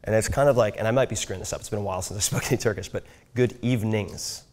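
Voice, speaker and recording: A man's voice: fairly low pitch, rapid-fire, darkish tone. A man giving a casual talk on learning languages, checking in with "right?" as he goes. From United States. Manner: conversational, frequent "right?" check-ins. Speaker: speaker teaching language learning.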